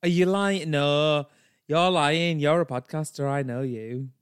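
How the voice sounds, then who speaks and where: A man's voice: measured pace, smooth, dry recording, clean studio sound, lightly acted. A man voicing a brash, tipsy middle-aged woman in a gay bar who gushes and pushes with a Yorkshire accent. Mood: pushy. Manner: gushing, pushy, shrill.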